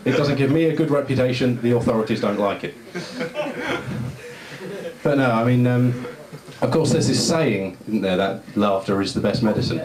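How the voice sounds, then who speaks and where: A man doing a stand-up comedy set, rambling and self-deprecating, chatting with the crowd in a live venue. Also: mid-range voice. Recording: roomy venue with audience laughter.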